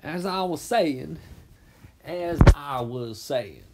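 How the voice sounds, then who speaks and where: A loud, boastful redneck with a broad put-on Southern US drawl, as a man hams it up. He leans into a showy twang and grows suddenly loud, his voice swinging widely in pitch with a gravelly edge. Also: animated, slow pace, very noisy. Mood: mock patriotic.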